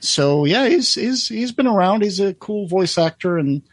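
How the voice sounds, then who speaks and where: A man's voice: high-pitched, animated, normal speed, no echo. A man co-hosting a podcast in casual chat, rambling with many fillers and easy laughs. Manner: rambling, lots of fillers and restarts, laughs easily. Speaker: podcast co-host.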